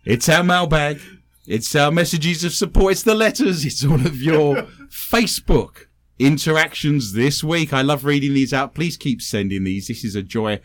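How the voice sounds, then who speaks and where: Wry man hosting a comedy podcast. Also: mid-range voice. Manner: wry, teasing, laughs often. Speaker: podcast co-host. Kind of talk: comedic podcast chat, reading listener messages.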